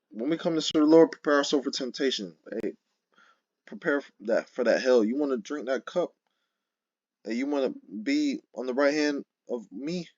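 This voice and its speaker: An emphatic man preaches in a loose, informal way, reading verses slowly and then pressing his points with a constant "okay?" and "right?". His voice sits at an ordinary male pitch. The recording is dull and muffled, with a dry, close sound. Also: a little mellow, no echo. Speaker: street-style scripture teacher. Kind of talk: informal sermon with scripture reading.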